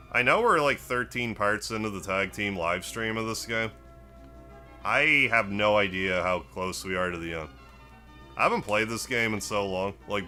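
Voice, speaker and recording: Lower-pitched man with a bright, forceful tone. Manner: relaxed, rambling, greets chat, muses aloud. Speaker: gaming live streamer. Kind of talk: casual gameplay stream chat.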